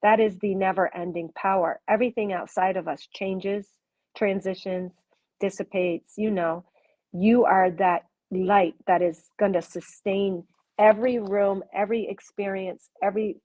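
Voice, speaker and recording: A woman's voice: medium pitch, fairly even intonation, normal speed, highs cut off. A woman working as a spiritual reader and channeler, talking live to her viewers in the comments in an effusive way with frequent exclamations and laughter. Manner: speaks directly to viewers in the comments. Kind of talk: live-stream spiritual talk.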